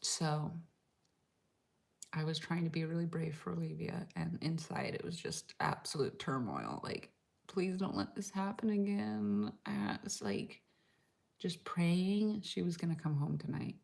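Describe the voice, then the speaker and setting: A woman's voice: deep voice, animated, a little slow, gravelly. A woman talking through her week in a casual vlog, chatty and full of "like" fillers, sometimes dropping to a whisper. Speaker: vlogger. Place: home in Slovenia.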